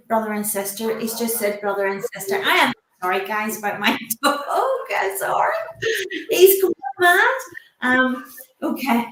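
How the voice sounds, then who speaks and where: A woman working as a medium, talking haltingly and gently reassuring the sitter, often asking permission. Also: a little high, a little hiss or hum. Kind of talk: live mediumship demonstration. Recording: roomy echo.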